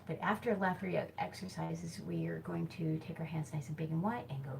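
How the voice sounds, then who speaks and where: Her voice is low-pitched, brisk and gravelly as she chattily teaches hoop moves in a casual instructional video. A giggly, self-deprecating hoop fitness instructor full of fillers, she's in a small temporary office space by a back door. The background is noisy, and the camera mic shifts around while she hoops.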